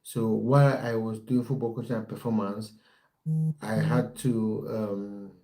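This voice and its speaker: Mellow-voiced young man chatting on a livestream. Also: on the low side, little pitch movement, measured pace. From based in the United Kingdom. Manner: chatty, reads out chat comments, restarts often. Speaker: football coach and livestream host. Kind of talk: casual livestream chat with viewers.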